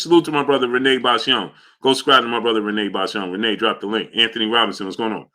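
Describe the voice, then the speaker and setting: A man hosting a casual boxing livestream from New York, reading super chats and shouting out viewers by name in loud bursts. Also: fairly low pitch, steady tone, quick pace, few pauses.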